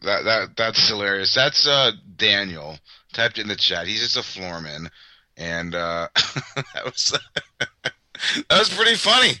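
A man's voice: on the low side, big pitch swings, a little slow, sharp tone, no room sound. A man co-hosting a show, chatting in an amused way while reading viewer comments.

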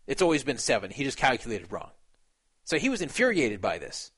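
A man's voice: medium pitch, wildly swooping pitch, a little fast, fairly bright tone, husky. A man retelling a poker dispute in a casual, opinionated way. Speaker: poker commentator. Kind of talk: casual commentary.

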